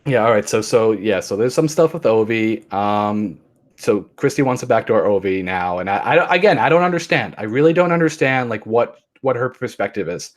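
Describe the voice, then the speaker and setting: A man's voice: fairly low pitch, lively intonation, moderate pace. A young man hosting a podcast, recapping events in a casual, rambling way, often exasperated and breaking into mocking impressions. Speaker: podcast host. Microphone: handheld podcast mic.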